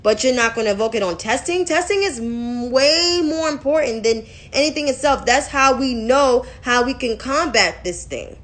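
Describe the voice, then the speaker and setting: A woman's voice: high-pitched, animated, normal speed, few pauses, fairly bright tone. A young woman giving blunt, profane, exasperated commentary in a casual vlog. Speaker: political commentator.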